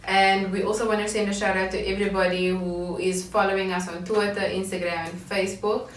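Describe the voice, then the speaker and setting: A woman's voice: medium pitch, little pitch movement, a little fast. Chatty woman hosting. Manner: laughing, chatty, self-conscious. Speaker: host. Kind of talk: casual chat. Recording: roomy distant mic with faint noise.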